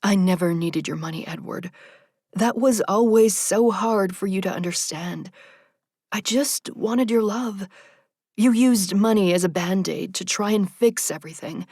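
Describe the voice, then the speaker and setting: A woman's voice: mid-range voice, unhurried, darkish tone, husky, no echo, studio quality. A woman voicing a principled woman physician who pleads in an emphatic, rising way. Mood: sorrowful.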